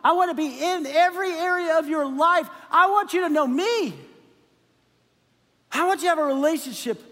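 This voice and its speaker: An earnest, loving savior pleads and makes emphatic promises, as a man acts him out within a sermon. The voice is very high, and a long hall reverb trails each phrase. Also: moderate pace, sharp tone.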